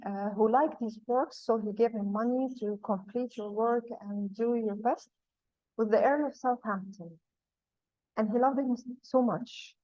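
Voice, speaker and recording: A woman's voice: fairly high pitch, a little mellow, no echo. Teacher woman explaining patiently, lo-fi sound. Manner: patient, repeats key points, speaks slowly to explain terms. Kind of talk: classroom lesson. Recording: dull lo-fi sound.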